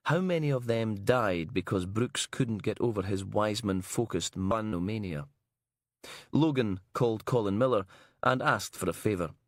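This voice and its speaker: Brief: male audiobook narrator, measured crime-novel reading, lowish voice, dead-dry close recording. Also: no echo.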